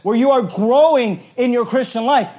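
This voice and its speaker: A male pastor preaching a sermon in an animated, joking way, at times shouting. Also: very high-pitched, normal speed.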